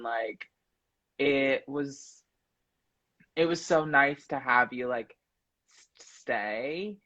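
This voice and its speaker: A man's voice: medium pitch, fairly bright tone. A young man chatting casually as a guest on a live stream, rambling with lots of fillers. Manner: rambling, hesitant, many fillers. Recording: dull lo-fi phone audio.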